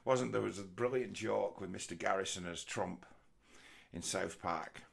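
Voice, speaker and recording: A man's voice: low-pitched, normal speed, gravelly, slightly rough. A middle-aged man telling a rambling, sweary comic monologue, breaking into mocking voices. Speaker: comedian. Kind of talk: rambling stand-up style monologue.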